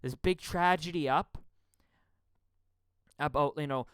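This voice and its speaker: A man from Canada hosting a podcast, ranting angrily about politics. He swears a lot, stammers and repeats words, and swings between loud outbursts and muttering. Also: a little high, expressive, measured pace, clean tone, dry recording. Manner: profane, stammering, repeats words when heated. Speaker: podcast host. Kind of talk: angry political rant.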